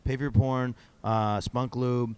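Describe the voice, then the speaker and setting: A man's voice: medium pitch, fairly even intonation, measured pace, a little mellow, clear, resonant tone. A man hosting a podcast at a convention, rambling through stories in a self-mocking, casual way. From upstate New York. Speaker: podcast host. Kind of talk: casual chat. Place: convention floor.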